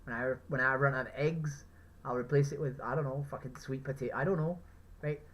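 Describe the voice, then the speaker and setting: A man's voice: medium pitch, steady tone, a little fast, fairly bright tone, poor audio. A man with an Irish accent, a street activist talking someone round, emphatic and profane, who keeps asking "right?". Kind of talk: persuasive street conversation.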